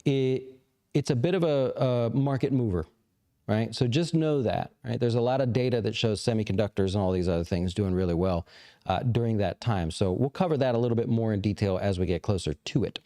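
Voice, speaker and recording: Hosting a casual livestream about investing, a middle-aged man answers viewer questions while thinking aloud in a loose, rambling way full of fillers and restarts. He speaks fairly quickly at a low pitch, with a dark, mellow tone.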